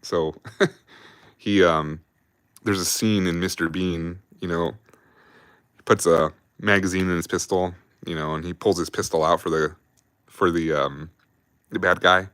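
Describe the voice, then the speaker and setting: A man's voice: low-pitched, steady tone, measured pace, long pauses, fairly bright tone, smooth, dry recording, studio quality. A man in his thirties, a livestream host, telling army stories in a rambling, profane, casual way.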